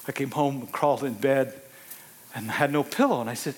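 A man in his sixties preaching a sermon, swinging from hushed asides to loud, emphatic exclamations. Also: medium pitch, a little fast.

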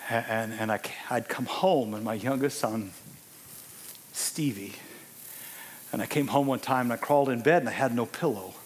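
A man's voice: mid-range voice, moderate pace, long pauses, slight background noise. Emphatic preacher in his sixties. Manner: emphatic, swings from hushed asides to loud exclamations. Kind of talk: sermon.

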